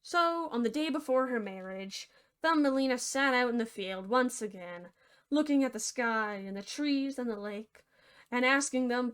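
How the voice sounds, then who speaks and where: A woman's voice: fairly high pitch, moderate pace, a bit bright, clean tone. A young woman narrating a fairy tale with comedy, sarcastic and playful, slipping in mock-cheerful asides. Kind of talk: comedic storytelling over a game video.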